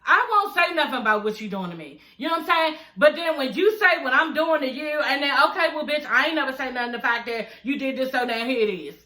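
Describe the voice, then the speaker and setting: Sassy, profane woman with a bright voice. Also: high-pitched, expressive, quick pace, hardly any pauses. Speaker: reality TV recap vlogger. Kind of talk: casual recap commentary. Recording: echoey room.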